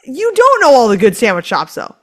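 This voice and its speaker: A woman's voice: on the high side, huge pitch swings, a little fast, crowd noise. A young woman co-hosting a podcast in loose, casual chat. She rambles through her points with constant filler words and drops swear words freely. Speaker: podcast co-host.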